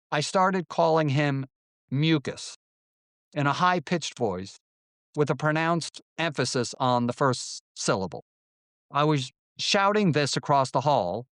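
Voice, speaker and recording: A man reads his memoir in a wry, storytelling way, slipping into quoted lines as he goes. His voice sits at a middle pitch. The recording is close and dry, with no room around it. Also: no echo. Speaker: memoir narrator. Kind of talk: audiobook memoir reading.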